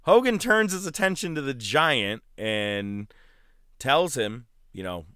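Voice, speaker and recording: Animated man recapping wrestling. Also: fairly low pitch, takes it slowly, clean tone, no room sound, clean studio sound. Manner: animated storytelling, mimics wrestlers loudly. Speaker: podcast co-host. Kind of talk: casual wrestling recap chat.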